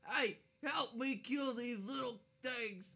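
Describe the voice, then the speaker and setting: A woman's voice: fairly high pitch, slow pace, creaky, a bit bright, pitched above the performer's own voice, heavily acted. A woman voicing a horrible, ugly male ogre who calls out to his partner. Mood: bossy.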